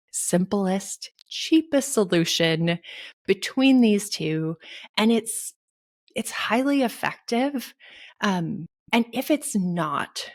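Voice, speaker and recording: A woman guest on a podcast giving animated, emphatic advice, laughing often and acting out quoted bosses in casual talk. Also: mid-range voice. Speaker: guest author.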